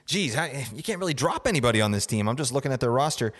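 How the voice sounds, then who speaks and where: A man's voice: medium pitch, animated, fast, fairly bright tone, long reverb tail. A young man hosting a casual fantasy sports podcast, rambling with lots of fillers and asking "right?" often. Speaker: podcast host. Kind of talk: casual fantasy hockey advice.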